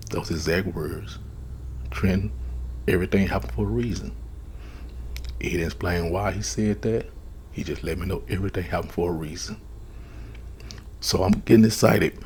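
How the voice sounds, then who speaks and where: A man with a very breathy, soft voice, slowly telling a personal testimony as ASMR. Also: deep voice, a little hiss or hum. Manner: slow, hushed, earnest retelling. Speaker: storyteller.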